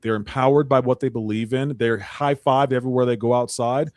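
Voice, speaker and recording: Fast-talking emphatic man on a panel. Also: medium pitch, fairly even intonation, a little mellow, no echo, clean studio sound. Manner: emphatic, mimics others in quoted voices. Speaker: panelist on a ministry talk show. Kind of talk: opinionated panel chat.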